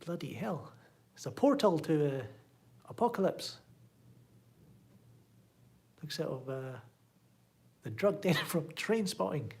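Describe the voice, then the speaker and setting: A man's voice: on the high side, very animated, takes it slowly, pauses often, slightly rough. A man with a Glaswegian Scottish accent chatting casually and sardonically on a live stream from his home, answering chat. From Scotland. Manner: rambling, sardonic, reads chat aloud. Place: home room.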